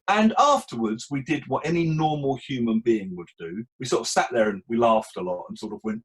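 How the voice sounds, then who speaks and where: A man, a language teacher trainer, answering interview questions in an animated storytelling way, acting out quoted dialogue. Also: medium pitch, a little fast, creaky, few pauses, husky, rough recording. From England.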